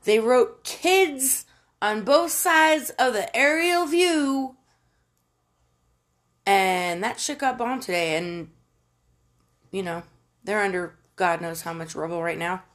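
A woman's voice: mid-range voice, slow pace, long pauses, a bit bright. A woman from the United States delivering a casual, profane political rant, exasperated and given to emphatic outbursts.

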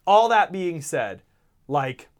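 Male co-host with a fairly high voice, quick to laugh and tease, casual podcast banter. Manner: animated, laughs often, teasing.

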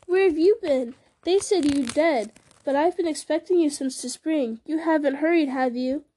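A woman reading aloud, voicing a spirited, sharp-tongued young female hobbit who teases and scolds. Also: high-pitched, normal speed, natural voice. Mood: teasing. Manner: teasing, scolding.

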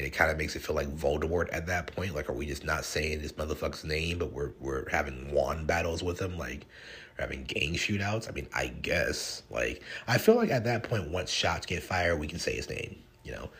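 A man's voice: rumbling low, brisk. A man hosting a podcast as a horror writer, talking in a rambling, profane, offhand way. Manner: profane, rambling, animated asides. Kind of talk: casual podcast monologue.

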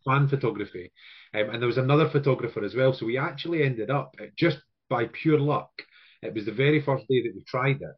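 A man hosting a casual football podcast, chatting in a relaxed way and laughing easily. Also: mid-range voice, fairly quick, slightly rough, highs cut off. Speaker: podcast host. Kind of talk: casual chat.

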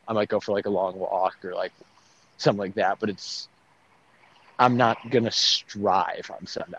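A young man in casual faith conversation, talking animatedly with many fillers and laughs, outdoors near traffic. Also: lowish voice. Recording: dull lo-fi sound with faint traffic noise.

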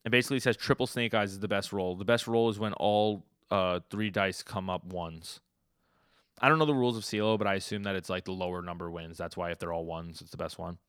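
A man co-hosting a podcast, casually recapping a comic chapter with fillers and lively retellings. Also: sits low, fairly quick, clean tone, dry recording, clean studio sound. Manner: animated storytelling with fillers and acted quotes. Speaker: podcast co-host.

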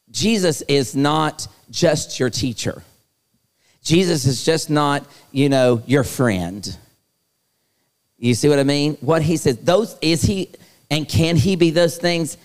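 A man's voice: on the high side, slow, pauses often. Playful man preaching in a hall. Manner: playful, teasing, talks straight to the crowd. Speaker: youth speaker. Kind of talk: live youth conference sermon. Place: large hall. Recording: long hall reverb.

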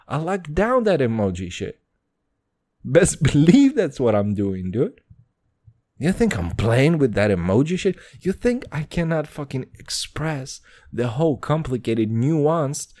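A man's voice: fairly high pitch, darkish tone. A man in his twenties hosting a podcast alone, talking in a profane, rambling, slang-heavy casual monologue. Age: 20s. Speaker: podcast host.

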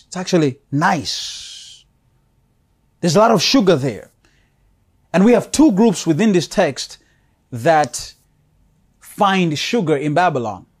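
High-voiced passionate male preacher. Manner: passionate, repetitive, rises to calls then drops low and soft; frequent stumbles and repeated words. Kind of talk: sermon.

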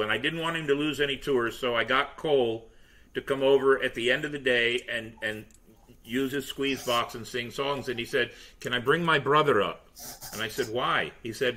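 A man on a pirate-themed podcast, telling stories in casual chat and acting out the quotes. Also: mid-range voice. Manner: animated storyteller, acts out quotes. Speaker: pirate museum tour guide and entertainer.

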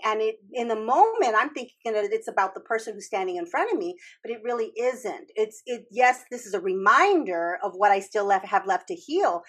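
Hosting a casual podcast chat about trauma healing, this woman speaks at a medium pitch with a slightly bright, breathy quality. She explains things earnestly, restarting often and letting the odd swear word slip.

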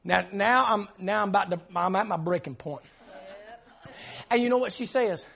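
A male pastor telling a story in an emphatic sermon, often shouting and laughing as he preaches. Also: high voice, normal speed, gravelly.

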